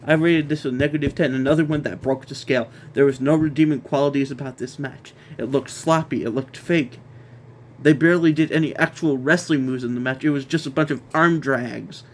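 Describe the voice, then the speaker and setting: A man's voice: mid-range voice, fairly even intonation, a little fast, a little hiss or hum. A man hosting a casual wrestling review, ranting in an exasperated way, repeating himself and stumbling over restarts.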